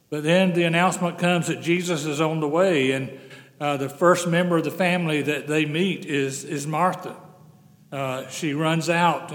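Earnest male pastor preaching in a reverberant hall. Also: fairly high pitch. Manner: earnest preaching, slowing on key phrases. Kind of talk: sermon.

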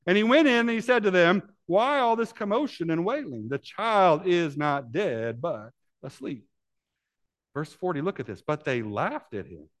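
A man preaching a sermon as pastor, acting out voices from the Bible story and swinging between hushed, intimate lines and loud, climbing passages. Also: high-pitched, expressive, moderate pace. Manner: acts out voices in Bible scenes.

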